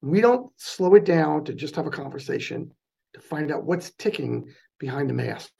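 Man, New Jersey accent, fast and animated, gravelly, husky. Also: a little high. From North New Jersey. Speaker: guest, charity president. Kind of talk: casual interview.

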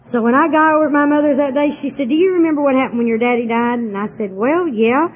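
A woman's voice: sits high, fast, husky, dull audio. An older woman, candidly telling a personal recovery story in a homespun, frank way. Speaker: twelve-step speaker.

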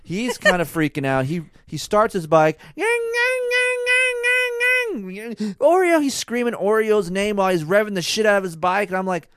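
A man in his thirties tells a story in casual, profane chat, animated and quick to act out shouts. His voice is smooth and clear, recorded close and dry with no room sound. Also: high voice, no echo. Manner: animated storyteller, swears freely, mimics shouts. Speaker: co-host of a couple's talk show.

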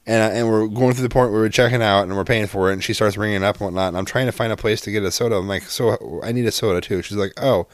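A man's voice: on the low side, fairly even intonation, rapid-fire, hardly any pauses, no echo. A man in his thirties telling a story in casual chat, exasperated and profane, rambling with lots of fillers.

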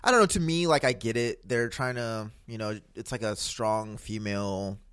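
A man's voice: on the low side, normal speed, fairly bright tone, clear, resonant tone, dry recording, clean studio sound. A man in a casual podcast chat, talking in a hesitant, apologetic way and swearing casually. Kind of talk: casual chat about TV shows.

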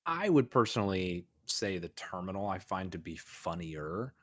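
A man's voice: low-pitched, very animated, normal speed, fairly bright tone, no room sound, clean studio sound. A man co-hosting a podcast, giving his opinion in a rambling, filler-heavy way and laughing often. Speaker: podcast co-host. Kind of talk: casual film discussion.

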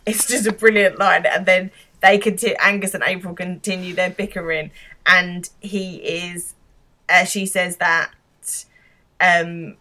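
British woman recapping a tv episode, lowish but bright voice, giggles a lot. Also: level tone, unhurried. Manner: laughs often, acts out quoted lines. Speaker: podcast co-host. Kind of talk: casual chat recapping a TV episode.

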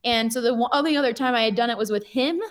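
A young woman, a pro skier, telling a story in a casual, animated way with lots of fillers and laughter. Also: fairly high pitch, fast.

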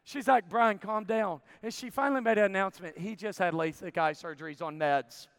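A man in his forties from Arkansas preaching a sermon, telling a story with animated bursts of shouting and then dropping to a quiet, intense tone. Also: high-pitched, fast talker, vocal fry, smooth. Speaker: camp preacher. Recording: long hall reverb.

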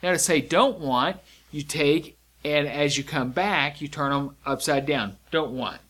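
A man's voice: a little high, unhurried, a bit bright. A man teaching sign language vocabulary, explaining each sign step by step in a patient, demonstrating way. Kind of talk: instructional lesson.

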